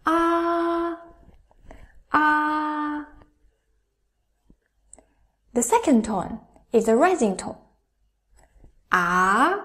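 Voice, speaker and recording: A young adult woman teaching a Chinese lesson, carefully demonstrating each sound aloud in slow pronunciation drills. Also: high-pitched, mellow.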